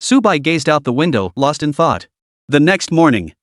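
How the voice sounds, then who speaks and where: An animated male narrator reading a web novel aloud. His voice sits a bit high and moves up and down a lot. The sound is dry and close, with no room echo. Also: moderate pace.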